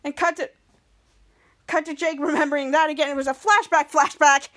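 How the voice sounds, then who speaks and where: A woman's voice: sits high, steady tone, a little fast, a bit bright. A woman hosting a podcast, rambling through an episode recap with many fillers and restarts. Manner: rambling, filler-heavy retelling. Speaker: podcast host.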